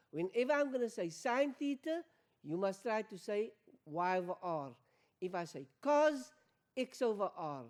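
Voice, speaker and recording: A woman's voice: mid-range voice, darkish tone. A woman teaching an exam revision maths lesson, repeating key points and quizzing learners with questions. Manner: addresses learners as guys.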